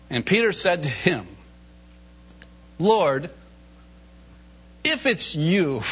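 A man preaching a lively sermon, with a high and very expressive voice that swings up and down. His tone is bright and pointed. The recording sounds dull and lo-fi. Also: slow, long pauses, slightly rough. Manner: animated, acts out Bible voices, laughs often.

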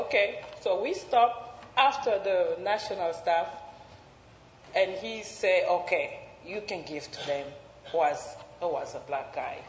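Woman, native French speaker, animated storyteller, mid-pitched voice, echoey hall recording, slightly muffled. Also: slight background noise. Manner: animated, laughing, jumps high when quoting others. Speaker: interviewee. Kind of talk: personal storytelling. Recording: roomy, reverberant, slightly dull recording.

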